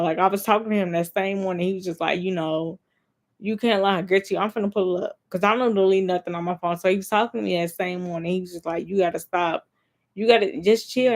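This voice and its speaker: A young woman vlogger talks directly to her camera in a loose, rambling story-time video. Her voice is a little low, and she relies on emphatic repeats and filler words while telling the story.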